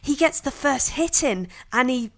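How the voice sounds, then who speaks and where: A woman's voice: high-pitched, expressive, measured pace. A woman co-hosting a casual film chat, theatrical and playful. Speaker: podcast co-host.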